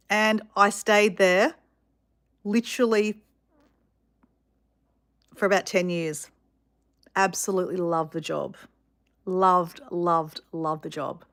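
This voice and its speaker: A woman telling a story to her viewers in a chatty, animated way with many fillers. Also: on the low side. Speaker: vlogger.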